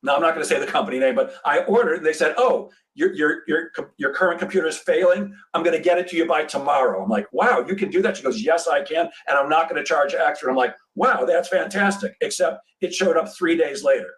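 A man with a fairly high voice hosts a casual interview, telling stories with animation and often restarting sentences. He sits a little back from the microphone, so his voice has some distance. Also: fast, few pauses. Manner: animated storyteller who acts out quoted dialogue, with frequent restarts. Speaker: podcast host.

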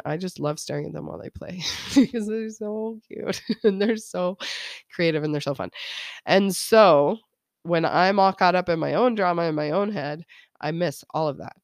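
A woman's voice: fairly low pitch, normal speed, dry recording, clean studio sound. A woman in her thirties hosting a casual solo podcast about parenting, chatty, laughing often and quoting her kids. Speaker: podcast host.

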